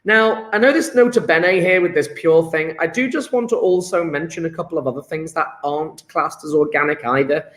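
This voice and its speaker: A man's voice: on the high side, fairly quick, few pauses, fairly bright tone. A man teaching a chemistry lesson to students, chatty and encouraging, often checking with "yeah?". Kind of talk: live online lesson. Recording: echoey room.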